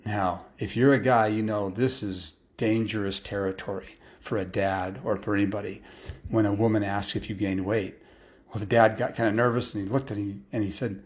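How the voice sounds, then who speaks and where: A man's voice: on the low side, moderate pace, a little mellow. A man telling a story casually, rambling and stringing clauses together with "and" and "well.".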